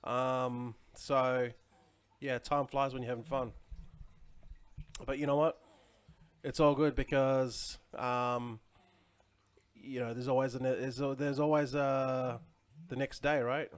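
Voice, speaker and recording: A man's voice: medium pitch, level tone, takes it slowly, long pauses. A man in his forties chatting casually on a livestream, rambling with lots of fillers and greeting viewers by name. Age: 40s. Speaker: crypto livestream host. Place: home in Chiang Mai.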